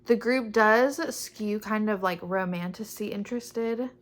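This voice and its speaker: A woman's voice: medium pitch, measured pace. A young woman chatting casually about her books, upbeat and rambling, often restarting her sentences. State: pregnant. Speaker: book vlogger. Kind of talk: casual chat.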